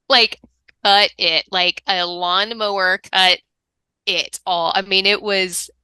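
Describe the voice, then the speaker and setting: A middle-aged woman tells stories as a podcast guest. Her voice is bright and sharp, and she is recorded close and dry. She talks in an animated way and acts out the people she quotes. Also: mid-range voice, slow, clean tone, dry recording. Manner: animated storyteller, lively quoting of others. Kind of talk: conversational podcast interview.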